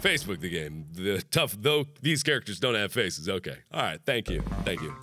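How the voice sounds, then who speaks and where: A man in his twenties giving excitable, punny let's-play commentary with frequent yelps and laughs. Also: lowish voice, brisk, few pauses. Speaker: gaming YouTuber. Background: game music.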